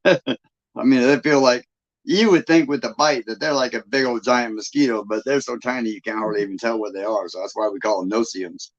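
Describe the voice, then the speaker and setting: A man's voice: mid-range voice, fairly even intonation, moderate pace. A man from Michigan hosting a live stream, chatting casually and folksily with viewers and laughing often. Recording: dull lo-fi sound.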